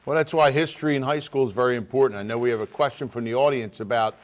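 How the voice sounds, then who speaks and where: A man's voice: medium pitch, fairly even intonation, fast. A man from Pennsylvania, a state representative, talking casually on a talk show in an earnest way, with many restarts.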